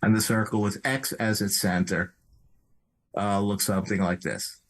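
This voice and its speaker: A man's voice: lowish voice, fairly even intonation, normal speed, fairly bright tone. A man working through a geometry problem as a math tutor, talking in a hesitant, methodical way.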